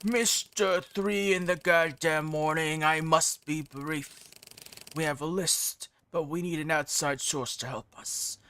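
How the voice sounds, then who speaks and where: A game streamer voicing a secretive older male caller who speaks slowly and gravely with a wavering put-on accent. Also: fairly even intonation. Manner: slow, low, hushed delivery with a wavering put-on accent.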